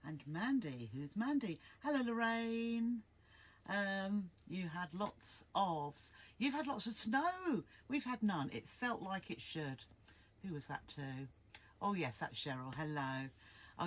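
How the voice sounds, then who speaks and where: A woman hosts a live sewing stream from home. She chats casually and rambles, stopping to greet viewers by name. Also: on the low side. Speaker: sewing livestream host. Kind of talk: casual livestream chat.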